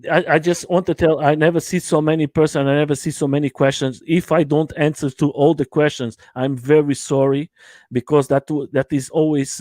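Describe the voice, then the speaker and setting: Halting man hosting a livestream from home. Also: mid-range voice, darkish tone, no echo. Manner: halting non-native English, many fillers and restarts. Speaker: livestream host. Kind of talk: casual livestream interview talk.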